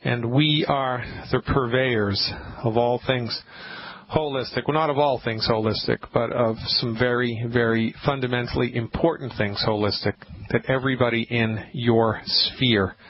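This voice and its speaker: A man hosting a call-in radio program in an emphatic, repetitive ranting style. His voice sits at an ordinary middle pitch for a man. It comes through with the slightly dull, narrowed sound of a radio broadcast. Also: fairly even intonation, measured pace, a little hiss or hum. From Nantucket, USA. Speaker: radio talk show host.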